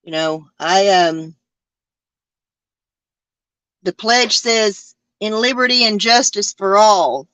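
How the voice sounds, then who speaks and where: A woman's voice: mid-range voice, takes it slowly, long pauses, a bit bright, clean tone, no echo. A woman, hosting a podcast in a casual chat that rambles and halts with many fillers and restarts. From Arkansas. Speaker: podcast host.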